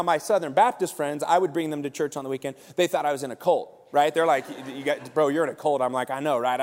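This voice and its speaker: A man preaching a sermon as comic storytelling, animated and breaking into shouted bursts. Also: sits high. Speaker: pastor. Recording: long hall reverb.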